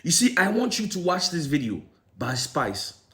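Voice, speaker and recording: A man speaks with a Ghanaian accent that carries a hint of American. His voice sits a little high. He argues his case in a monologue, firing off rhetorical questions. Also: very animated, moderate pace, a bit bright. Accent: Ghanaian English with some American. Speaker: entertainment commentator. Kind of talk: opinionated monologue.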